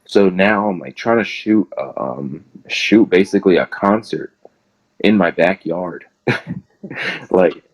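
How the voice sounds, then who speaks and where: Young male interview guest, deep low voice, loose rambling delivery heavy on "like". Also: slow pace, slightly rough, lo-fi sound. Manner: rambling, fills nearly every phrase with "like". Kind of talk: casual interview storytelling.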